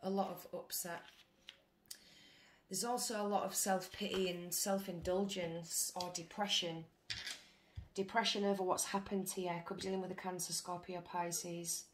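A woman with a lowish voice and level tone gives her viewers a casual tarot reading at a moderate pace. She's chatty and blunt, swearing freely, in an echoey room with faint noise.

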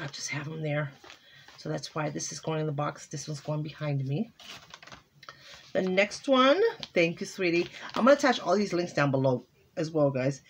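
A woman's voice: fairly low pitch, a little hiss or hum. A woman vlogging casually at home as she opens holiday cards and crafting mail, chatty and exclaiming over each one. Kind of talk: casual chat while opening mail.

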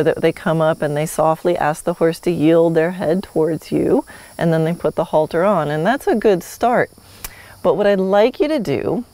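Low-voiced woman teaching horsemanship, dry sound. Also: darkish tone, dry recording. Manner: friendly and instructive, with light laughs. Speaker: podcast host and horsemanship teacher. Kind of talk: solo podcast teaching.

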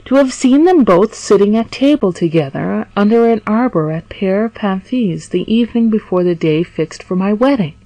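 A woman's voice: mid-range voice, expressive, moderate pace, few pauses, mellow, no room sound, lightly acted, low-quality recording. A woman reading the part of a wronged young male prisoner who answers questions earnestly and eagerly.

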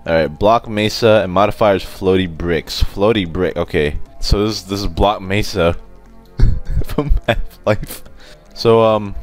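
A young man giving gameplay commentary, excitable and swearing, swinging from muttered asides to shrieks. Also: fairly low pitch. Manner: excitable, swearing, jumping from mumbles to yelps. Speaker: gaming YouTuber.

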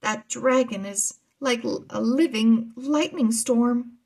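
A woman voicing a frightened, excited young boy in a children's read-aloud story. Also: a little high, slow pace, gravelly, breathy edge, far from the mic, pitched above the performer's own voice, exaggerated voice. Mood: alarmed.

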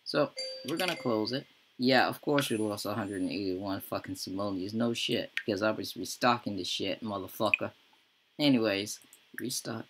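A woman's voice: rumbling low, normal speed, slight background noise. A woman hosting a let's-play, giving profane, exasperated gameplay commentary and ranting at the game. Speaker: gaming channel host.

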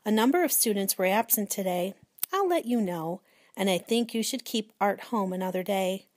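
A woman voicing a gentle, patient schoolteacher. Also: medium pitch, animated, normal speed, lightly acted. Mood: calm.

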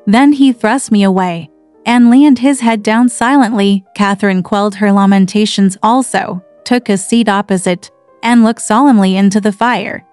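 A woman reading a classic novel aloud in a measured, even storytelling manner. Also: medium pitch, clear, resonant tone, dry recording. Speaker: audiobook narrator. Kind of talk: literary narration. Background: faint background music.

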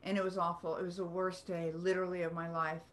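A woman's voice: on the low side, level tone, fast. Woman in her sixties, rambling earnest storyteller, video call audio. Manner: earnest, rambling storyteller with self-deprecating humor. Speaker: author guest.

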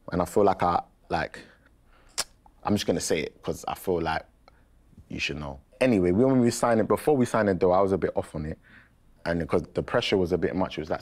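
A young man telling an animated, slangy story as a guest in a podcast interview. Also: deep voice, a little fast. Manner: animated, slangy, repeats himself for effect.

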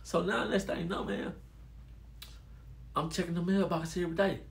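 A man casually telling a personal story to his viewers, animated and addressing them as y'all. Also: high-pitched, moderate pace, creaky. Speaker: storytelling vlogger.

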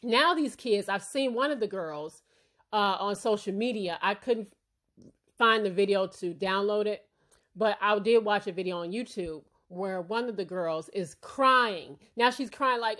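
A woman with a fairly high voice giving casual opinion commentary. She speaks bluntly and with emphasis, keeping it real. She keeps checking in with her audience. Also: animated, measured pace, a bit bright. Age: adult parent. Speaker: commentary channel host.

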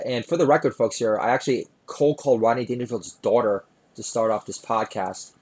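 A middle-aged man hosting his own podcast, talking through a rambling comedic monologue with many filler sounds. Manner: shifts into loud high-pitched ranting bits, then mumbly asides full of uh. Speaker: podcast host and stand-up comedian.

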